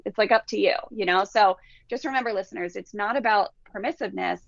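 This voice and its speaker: A woman with a gravelly, creaky voice is a parenting educator and podcast guest. She talks in an animated, storytelling way, full of casual fillers. The sound is dry and close, but a bit dull and lo-fi. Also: fast, no room sound. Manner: animated, acts out quotes with big pitch jumps, many "like" fillers. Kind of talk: conversational storytelling interview. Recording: dull, muffled, lo-fi audio.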